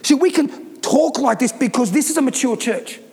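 This pastor's voice is very high yet gravelly and darkish, animated and moving at a moderate pace. Preaching in a church hall full of echo, he insists on his points with mounting emphasis.

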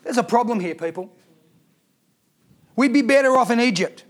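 A man's voice: very high voice, animated, moderate pace. A man preaching a sermon as pastor, reading scripture aloud and asking the congregation rhetorical questions.

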